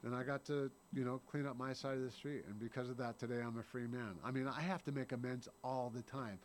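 A man's voice: medium pitch, steady tone, quick pace, a little hiss or hum. A man in his thirties giving an earnest, blunt personal recovery share at a meeting, often tagging his lines with "right?" and swearing now and then. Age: 30s.

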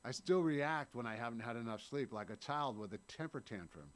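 A man's voice: medium pitch, animated, brisk. A man in his thirties giving an earnest, blunt personal recovery share at a meeting, often tagging his lines with "right?" and swearing now and then. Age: 30s.

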